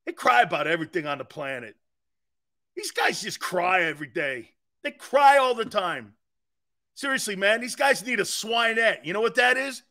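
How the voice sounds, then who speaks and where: A man hosting a sports talk show, ranting and mocking, shouting in bursts and laughing at his own jokes. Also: high-pitched, big pitch swings, normal speed. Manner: shouts in bursts between quieter asides.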